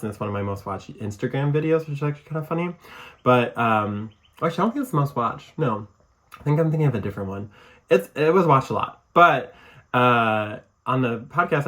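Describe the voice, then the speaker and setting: A man's voice: medium pitch, fairly bright tone. Chatty man with a Michigan accent. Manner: chatty, rambling, laughs often. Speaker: podcast host. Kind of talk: casual live-show chat.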